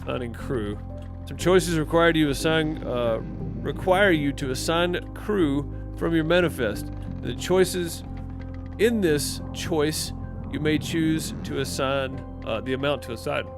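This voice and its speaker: A man's voice: fairly high pitch, unhurried, music in the background. A man hosting a let's play, reading game text aloud and commenting, self-deprecating and stumbling over words. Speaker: gaming channel host.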